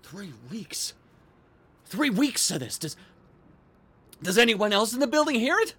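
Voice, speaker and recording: An actor in an audio drama playing a sleepless, paranoid man obsessed with noises in the walls, swinging between muttering and yelling. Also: high voice, big pitch swings, a little slow, slightly rough, no room sound, exaggerated voice. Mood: taunting. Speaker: actor in a one-man radio play.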